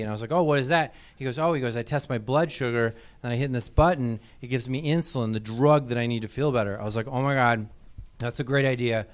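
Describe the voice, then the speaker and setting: A man doing a stand-up set on a club stage, goofy and self-deprecating, acting out short bits of dialogue. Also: medium pitch. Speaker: stand-up comedian. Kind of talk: stand-up set before a live audience. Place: comedy club stage with loud laughing crowd. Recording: live club audio with loud crowd laughter.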